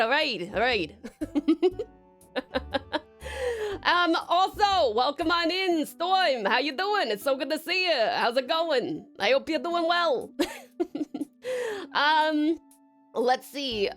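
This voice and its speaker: A woman's voice: high-pitched, a bit bright. A woman from Tasmania, Australia, streaming and greeting her chat in a put-on old-time American mobster accent, playful and calling people darling and doll. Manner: playful, calls chatters darling and doll, laughs often.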